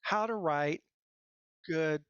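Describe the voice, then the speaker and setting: High-voiced rambling middle-aged man. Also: extremely slow, fairly bright tone, clean tone, dry recording. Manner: rambling, self-deprecating, full of fillers and restarts. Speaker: guest software engineer. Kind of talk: casual interview talk. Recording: dull dry lo-fi sound.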